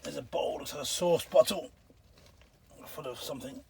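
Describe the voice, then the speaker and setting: A man's voice: fairly high pitch, normal speed, gravelly, a little mellow, slightly rough. A man out of breath, giving casual chatty commentary as he digs in an outdoor pit and films himself with a handheld camera. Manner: chatty, muttered asides, trailing off. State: out of breath from bending. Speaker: vlogger digging an old shelter. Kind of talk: casual commentary while digging. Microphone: handheld camera while digging.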